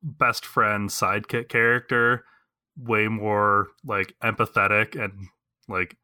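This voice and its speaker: A lower-pitched man with a strikingly bright, cutting tone talks in a relaxed podcast. His humor is deadpan and sardonic, and his dry recording sits close to the mic. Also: slow, no echo. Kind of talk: casual chat.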